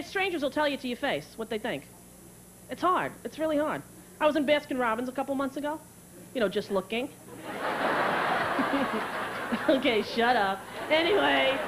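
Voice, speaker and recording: A woman's voice: high voice, background noise. A woman comedian performing a stand-up set in a brash, sarcastic, profane way. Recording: live club with crowd laughter. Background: audience laughter.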